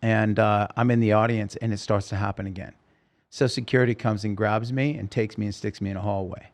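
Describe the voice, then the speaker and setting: A middle-aged man telling a story as a podcast guest, lively and acting out the voices of the people he quotes. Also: lowish voice, a little fast. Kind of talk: casual storytelling interview.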